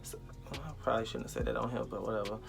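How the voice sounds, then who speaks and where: A young man from South Florida telling an animated, profane storytime with slang, as a vlogger. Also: fairly low pitch, rapid-fire, gravelly, faint music behind. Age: young adult. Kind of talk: storytime vlog.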